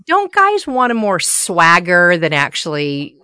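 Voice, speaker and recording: A woman's voice: lowish voice, a little slow, clean tone, no room sound. A woman co-hosting a podcast, chatting casually and laughing often. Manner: laughing, expressive. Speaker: podcast co-host. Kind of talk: casual chat.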